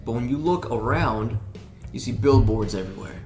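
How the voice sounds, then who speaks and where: A man's voice: mid-range voice, lively intonation, moderate pace, a little mellow. A man, a rock band member, chatting in an interview, rambling with many restarts and fillers. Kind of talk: casual interview chat. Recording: roomy sound with background music.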